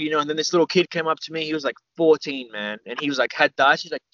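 Australian man, young adult, podcast guest, rambling anecdote, swears, bright tone, dry close sound. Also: fairly high pitch, rapid-fire, few pauses, no echo, lo-fi sound. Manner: rambling, animated, swears, many fillers. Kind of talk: casual storytelling interview.

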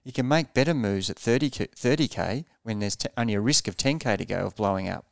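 Here a man who coaches triathletes talks fast in a gravelly, low-leaning voice during a podcast interview. He earnestly explains pace, repeating words while thinking, recorded cleanly in a studio with no room sound.

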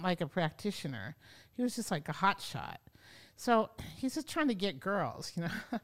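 A woman guest on a podcast, telling a personal story in a lively, conversational way and acting out her own past words. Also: medium pitch, clear, resonant tone. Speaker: yoga teacher, podcast guest. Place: podcast studio.

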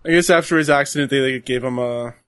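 A man's voice: mid-range voice, rapid-fire, fairly bright tone, no echo. A man chatting casually while watching wrestling, laid-back, giggling often and trailing off with fillers. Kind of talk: casual watch-along chat.

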